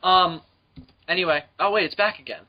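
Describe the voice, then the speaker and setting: A young man with a high voice hosts a podcast over a call, telling a story in a profane, animated rush and acting out the voices of the people in it. The call audio is muffled and lo-fi. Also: fairly quick. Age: young adult. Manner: profane, animated, acts out voices in his stories. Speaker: podcast host. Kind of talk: casual storytelling chat. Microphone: home mic on a voice call.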